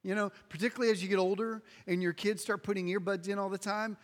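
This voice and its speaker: High-voiced preacher in a reverberant hall. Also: male voice, steady tone, fast. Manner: emphatic, repetitive preaching with sudden loud and soft swings. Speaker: pastor. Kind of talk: sermon. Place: large room with an audience.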